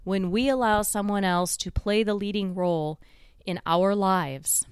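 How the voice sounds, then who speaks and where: A woman giving a reflective motivational talk, slowing down to stress key points and building them through repeated phrases. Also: mid-range voice, clear, resonant tone, no echo, studio quality. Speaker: motivational speaker.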